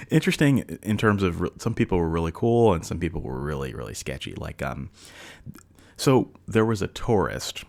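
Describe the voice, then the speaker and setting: A man with a very low, gravelly voice talks through a solo podcast episode. His telling is loose and chatty, full of fillers and restarts, with a chuckle here and there. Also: big pitch swings, normal speed, long pauses, darkish tone. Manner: rambling, loose delivery with many fillers and restarts. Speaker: podcast host. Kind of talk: casual solo podcast storytelling.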